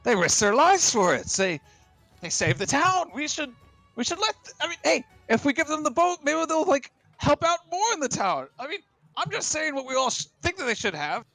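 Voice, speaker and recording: A greedy, pushy councilman in a tabletop game, put on by a man, squeaks high and rushes his words as he wheedles. Faint music plays under the voice. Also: very animated, bright, forceful tone, dry recording, full character voice. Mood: pleading.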